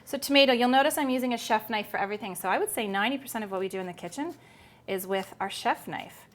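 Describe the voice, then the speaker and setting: A woman's voice: a little high, fast talker, a bit bright. A woman hosting a cooking demonstration, chatty and upbeat with playful asides. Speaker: cooking show host.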